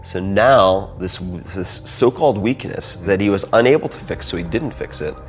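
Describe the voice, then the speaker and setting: A man hosting a podcast, chatting casually and animatedly, swinging between loud and soft and acting out quotes. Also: deep voice, animated, normal speed, soft background music. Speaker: podcast host. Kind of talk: casual chat.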